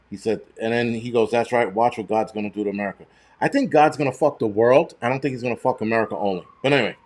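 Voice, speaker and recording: A middle-aged man on a live stream with a medium-pitched voice that sits right in the middle for a man. He swears freely and breaks into heated rants. He rambles loosely and often stumbles and restarts his sentences. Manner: profane, heated ranting. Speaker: show host.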